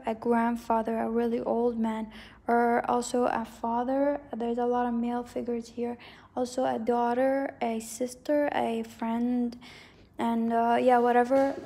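A woman gives a loose, wandering tarot reading, circling back to repeat her points and hedging as she goes. Her voice sits a little high, with a mellow, dark tone and plenty of vocal fry. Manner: rambling, hedging, repeats herself. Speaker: tarot reader. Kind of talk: casual psychic tarot reading.

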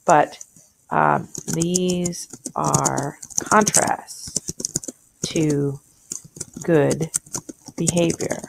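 A woman's voice: low voice, fairly even intonation, drawn-out words, creaky, long pauses, background noise. A woman teacher walking through a short story in a conversational way, thinking aloud and asking questions as she annotates.

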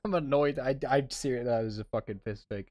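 A man's voice: mid-range voice, brisk, darkish tone, no room sound, studio quality. A man, casually commenting on his gameplay, swearing often and laughing a lot. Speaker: gaming streamer.

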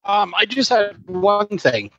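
Man, co-host, bright voice, very lively pitch, dry sound. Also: slow pace, no room sound, dull audio. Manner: lively, laughing, curious question. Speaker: podcast co-host. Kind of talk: casual interview.

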